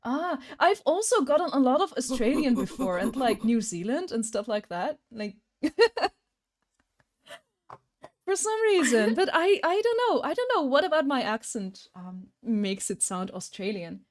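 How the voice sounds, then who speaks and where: A woman's voice: sits high, measured pace. A woman streamer with a light Dutch-tinged English accent, chatting casually and giggling often. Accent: light mixed Dutch-tinged. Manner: giggly, animated. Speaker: streamer host. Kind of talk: casual chat on a livestream.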